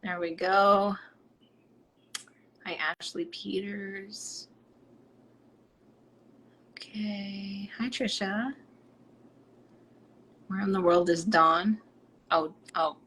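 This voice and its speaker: A woman from Rhode Island, hosting a live stream as a psychic medium, chatting and reading out viewer comments in a bubbly way that drops into soft whispers. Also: mid-range voice, steady tone, very slow, pauses often, slight background noise.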